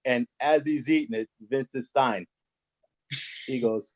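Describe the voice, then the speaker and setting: A man's voice: medium pitch, unhurried, darkish tone, rough recording. Man, video call, casual storytelling, rambling, many fillers and restarts. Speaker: former coaching colleague.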